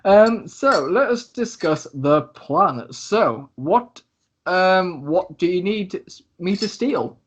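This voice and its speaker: A man voicing a flamboyant, flirtatious male tiefling thief who talks loudly and teases with giggles, in a tabletop game. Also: sits high, animated, slow pace, dull audio, a little hiss or hum. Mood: teasing. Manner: loud, showy, teasing, giggly.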